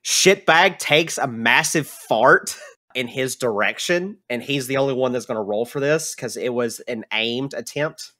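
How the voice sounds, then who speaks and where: A man narrating a tabletop role-playing game as game master, relaxed and explaining rules with fillers. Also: mid-range voice, a little slow.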